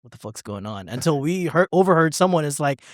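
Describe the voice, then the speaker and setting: Telling a meandering, foul-mouthed story on a podcast, the co-host laughs and performs quotes from others. His slightly high voice moves fairly quickly with big pitch swings. There's no room sound, just clean studio audio.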